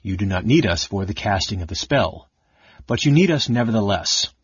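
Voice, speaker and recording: A man voicing a proud female dark sorceress who speaks low and coldly with a sneer. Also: lively intonation, normal speed, breathy edge, dry recording, highs cut off.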